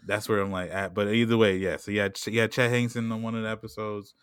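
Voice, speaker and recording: A man's voice: on the low side, flat delivery, clean tone, no room sound. A man talking in casual podcast chat, rambling with lots of fillers and laughing often. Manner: rambling, heavy "like" and "you know what I'm saying"; laughs often and puts on quick voices when quoting people.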